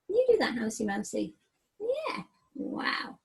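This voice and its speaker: A woman teacher reading a picture book aloud to young children, with animated, sing-song storytelling and puppets. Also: on the high side, unhurried, vocal fry, breathy edge. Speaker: primary school teacher.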